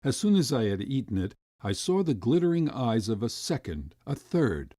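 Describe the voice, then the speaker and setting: A man reading a classic short story aloud as an audiobook narrator, with expressive storytelling. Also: normal speed, dry recording, studio quality. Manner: expressive storytelling, rising high for quoted voices.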